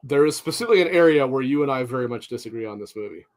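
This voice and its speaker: A man co-hosting a podcast in casual chat, animated, often repeating words as he starts a sentence. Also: mid-range voice, rapid-fire. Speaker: podcast co-host.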